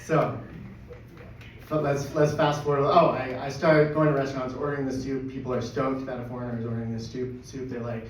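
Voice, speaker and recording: A man telling a personal story at a live storytelling event, excitable and laughing through it. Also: medium pitch, a little fast. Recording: echoey, distant, dull live recording with noise.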